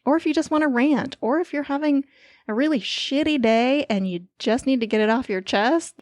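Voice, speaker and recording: A woman with a nasal, slightly high voice chats loosely as a podcast co-host. She laughs easily and keeps things informal. Her voice sits close and dry on the mic. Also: moderate pace, a little mellow, no echo. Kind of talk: casual podcast chat.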